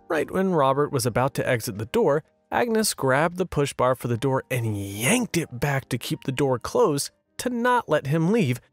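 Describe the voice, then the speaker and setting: A man narrating an online story in an expressive, wry storytelling manner. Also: no echo. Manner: expressive, sarcastic storytelling with lively pitch swings.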